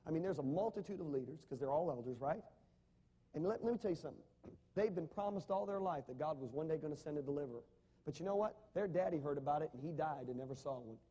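A man's voice: fairly high pitch, animated, fast talker, dark tone, husky. A man preaching a sermon, asking the congregation rhetorical questions and reading scripture with rising emphasis. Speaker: pastor.

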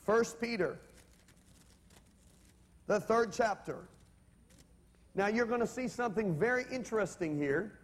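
A man's voice: high voice, animated, a little slow, long pauses. A man preaching a sermon, emphatic and calling on the congregation for amens. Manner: emphatic, calls for amens and audience responses. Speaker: pastor. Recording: long reverb of a large hall.

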